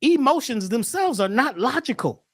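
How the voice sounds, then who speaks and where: A man as a podcast guest talking casually in an animated, preachy way, often repeating words as he starts a thought. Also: very high-pitched, normal speed, dry recording, clean studio sound.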